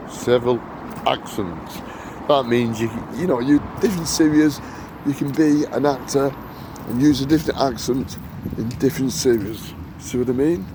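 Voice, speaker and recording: A man vlogs outdoors in an ordinary mid-pitched voice, wandering off topic and repeating phrases to drive his point home. Heavy traffic noise runs under everything he says. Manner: repetitive, emphatic, digressive. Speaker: vlogger. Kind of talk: rambling to-camera monologue. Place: outdoors on a busy street. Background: loud traffic.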